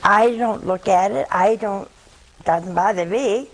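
A woman's voice: medium pitch, measured pace, poor audio. An older woman giving a sermon, telling humorous stories in a folksy way and acting out the dialogue. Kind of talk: sermon with storytelling.

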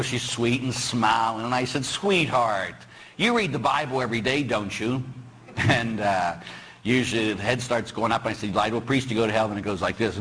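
A middle-aged man preaching as a priest, his voice bright and slightly husky. He tells stories, acts out the people in them, and breaks into sudden shouts. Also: mid-range voice, rough recording. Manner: storytelling with animated quoted voices and sudden shouts. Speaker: Catholic priest. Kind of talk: sermon.

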